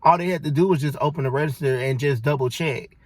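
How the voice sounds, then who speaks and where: A man's voice: a little high, quick pace, no echo. A man co-hosting a casual podcast, explaining things bluntly and matter-of-factly with a lot of profanity. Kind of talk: casual chat.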